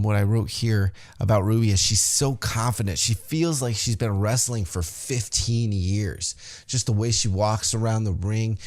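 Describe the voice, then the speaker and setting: A man's voice: on the low side, darkish tone. Man rambling through a casual recap. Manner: rambling, enthusiastic, loose with fillers. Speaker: podcast host. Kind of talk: casual wrestling show recap.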